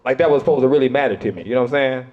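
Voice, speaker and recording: A man's voice: medium pitch, very fast, muffled recording. Man doing loose stand-up. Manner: loose conversational delivery with frequent asides. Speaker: stand-up comedian. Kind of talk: stand-up routine.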